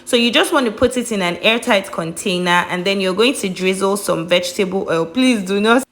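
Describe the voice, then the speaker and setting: A woman's voice: medium pitch, a little fast, fairly bright tone. A woman with a Nigerian accent, talking through a cooking tutorial in a chatty, emphatic, playful way. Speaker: cooking vlogger.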